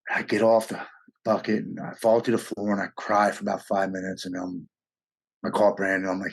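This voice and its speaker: A man's voice: low voice, little pitch movement, a little fast, creaky, husky. A middle-aged American man telling his personal story as an interview guest, blunt, raw and profane. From United States.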